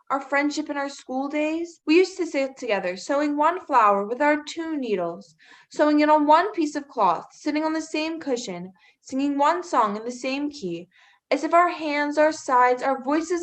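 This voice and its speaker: A teenage girl acting as a hurt, jealous young woman in a school stage play, pleading and bitterly sarcastic. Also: high-pitched. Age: teens. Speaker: student actor.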